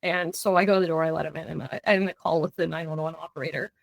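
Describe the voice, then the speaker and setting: A woman's voice: deep voice, fairly even intonation, fast, vocal fry, dry recording. A middle-aged woman telling a personal story as a podcast guest, with earnest recounting that keeps slipping into quoted dialogue. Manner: restarts and fillers when tense.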